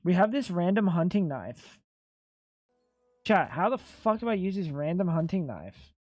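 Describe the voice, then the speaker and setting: He's a gaming streamer with a high, slightly mellow voice, very animated yet speaking a little slowly, recorded without echo. His live play-by-play is casual and talkative, laced with swearing and endless "dude"s.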